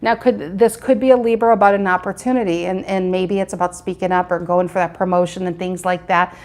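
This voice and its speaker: A woman's voice: fairly low pitch, fairly even intonation, a little fast, darkish tone. A woman doing a live tarot reading, chatting with viewers and repeating her questions as she turns the cards. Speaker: tarot reader.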